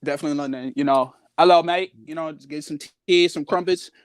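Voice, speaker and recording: A man's voice: on the high side, fairly even intonation, fast talker, no room sound, studio quality. A young man, a wrestler, talking in a casual live podcast interview, boastful and playful. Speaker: guest wrestler.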